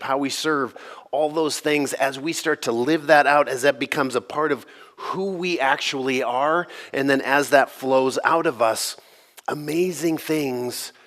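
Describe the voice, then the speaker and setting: A man, a pastor, giving a sermon in a casual, joking, conversational way, his voice slightly gravelly from allergies. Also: medium pitch, fairly bright tone.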